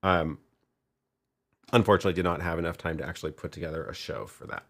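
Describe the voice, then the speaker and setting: A man's voice: low voice, steady tone, fast talker, a bit bright. A man hosting a live tech demo, talking casually as he tries things and thinks aloud. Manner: thinking aloud, trailing off with restarts. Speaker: livestream host demoing video gear.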